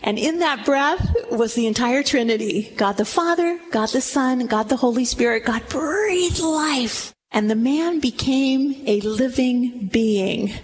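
High-voiced woman in her sixties teaching scripture. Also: measured pace, a little hiss or hum. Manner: emphatic, reads scripture aloud dramatically; addresses the audience directly with questions. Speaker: religious teacher. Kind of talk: Bible teaching talk.

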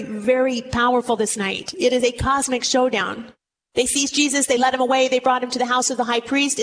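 An earnest woman reads a Bible passage and comments on it, voicing the quoted lines with drama. Her voice sits a little high. A faint hiss runs under her talk. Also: a bit bright. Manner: earnest and emphatic. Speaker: Bible teacher. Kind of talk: scripture reading and commentary.

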